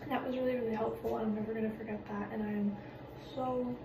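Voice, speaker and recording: A young woman in college recording a quiet, affectionate tribute late at night in a small bathroom, keeping her voice down so she won't wake others. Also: fairly high pitch, little pitch movement, quick pace. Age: young adult. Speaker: college student giving a tribute. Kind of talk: recorded video message. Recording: echoey bathroom, distant mic, noisy background.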